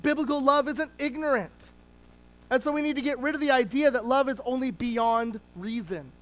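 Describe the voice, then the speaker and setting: A preacher and parent giving a sermon in a conversational teaching tone, with small restarts, slowing down to stress key words. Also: sits high, fairly bright tone, poor audio. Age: adult parent.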